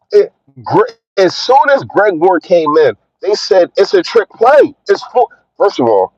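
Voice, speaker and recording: A man's voice: on the high side, darkish tone, dry recording, highs cut off. A man hosting a fan livestream, ranting in a heated, emphatic way and repeating his points. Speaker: fan channel host.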